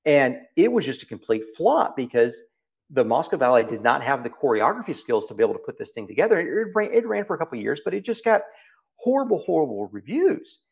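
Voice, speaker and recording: A man's voice: medium pitch, big pitch swings, quick pace, gravelly, dull audio. A middle-aged man with a Texas accent, a guest in an interview, speaking emphatically and repeating phrases for stress. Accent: Texan. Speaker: guest, private equity CEO. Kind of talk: reflective interview talk.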